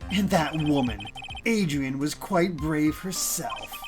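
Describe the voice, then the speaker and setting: A woman's voice: deep voice, expressive, slow, loud music behind the voice. A woman doing a menacing smug male villain. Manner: cold, mocking, taunting. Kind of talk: reading game dialogue aloud.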